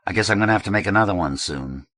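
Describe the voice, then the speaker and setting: A man's voice: deep voice, expressive, racing, a bit bright, no echo. A man voicing a blunt, curt young male gang leader in an audiobook.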